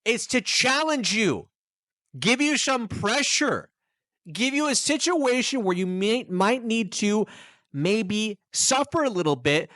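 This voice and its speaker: Animated man with a lively pitch. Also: slow pace, no room sound, studio quality. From United States. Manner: animated, emphatic, talking straight to the listener. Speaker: podcast host and English teacher. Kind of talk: casual solo podcast monologue. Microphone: studio microphone.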